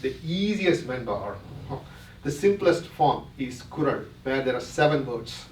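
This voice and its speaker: A man's voice: medium pitch, animated, measured pace, darkish tone, a little hiss or hum. A man giving a talk to a retreat audience, explaining step by step and often checking that listeners follow along. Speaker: presenter. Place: retreat hall. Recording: roomy hall, mic from a distance.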